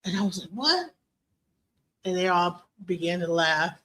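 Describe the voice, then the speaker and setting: A woman from Detroit hosting a streamed talk show, talking bluntly and swearing freely as she tells animated stories. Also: lowish voice, fairly quick, a little hiss or hum. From Detroit, USA. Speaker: DJ and stream host.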